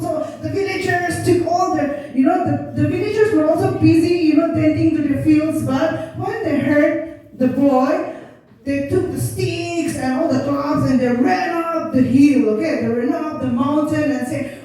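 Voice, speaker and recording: A woman teacher slowly telling a story to schoolchildren and explaining words as she goes, recorded in an echoey classroom from a distance. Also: high-pitched, mellow. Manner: slow and explanatory, defining words. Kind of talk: storytelling lesson to children.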